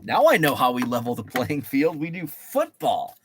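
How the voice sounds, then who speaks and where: A man hosts a live stream, running a trading-card guessing game and reading out viewers' names and answers in a chatty, playful manner. His mid-range voice swoops wildly in pitch at a moderate pace, with a little hiss or hum on the recording.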